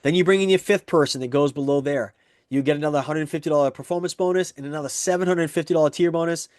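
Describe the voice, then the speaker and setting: A man presenting a network marketing pay plan, walking through examples in an eager, repetitive sales pitch. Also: quick pace, darkish tone, dry recording, clean studio sound.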